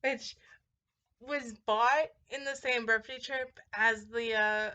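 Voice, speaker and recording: A woman's voice: fairly high pitch, steady tone, slow, bright, forceful tone. A young woman chatting casually in a vlog, rambling with lots of fillers and little laughs as she talks. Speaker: vlogger showing a movie collection. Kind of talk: casual chat.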